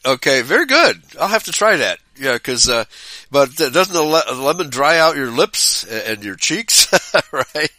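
Man with a bright, dry voice. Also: fairly high pitch, very animated, no echo. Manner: chatty, quick affirming interjections, chuckles. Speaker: podcast co-host. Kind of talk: casual chat.

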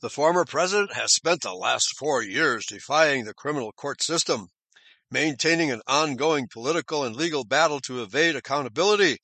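A man's voice: mid-range voice, lively intonation, fairly quick, sharp tone, dry recording. A man reading a news article aloud and breaking off into sarcastic commentary, with frequent chuckles. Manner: sarcastic asides between read passages, chuckling.

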